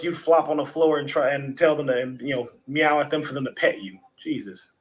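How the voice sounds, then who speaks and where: A man's voice: a little high, fairly quick, few pauses, low-quality recording. A man hosting a casual livestream, chatting loosely with viewers and swearing now and then. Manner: relaxed, chatty, swears casually, talks to the chat. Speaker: livestream host.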